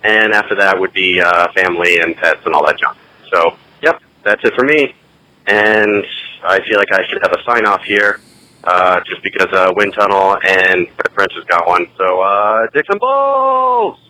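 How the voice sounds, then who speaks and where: A man with a low but bright, forceful tone rambles through a laid-back call-in message. He is crude and joking. The sound has a radio-like processed edge. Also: steady tone, normal speed, rough recording. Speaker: podcast co-host calling in. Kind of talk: casual recorded call-in message.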